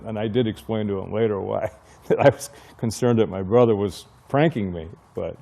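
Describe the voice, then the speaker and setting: A low, mellow-voiced older man reminisces in an oral history interview. He's a retired fire chief who tells his career stories at an easy pace. He acts out the old conversations as he recalls them. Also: moderate pace, gravelly. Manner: reminiscing storyteller who acts out remembered dialogue.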